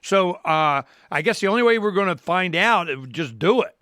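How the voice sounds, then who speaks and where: A man's voice: sits high, animated, normal speed, sharp tone, no room sound, studio quality. A man hosting a talk show, speaking in an emphatic, rambling way with frequent restarts. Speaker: radio talk show host. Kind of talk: casual talk-radio conversation.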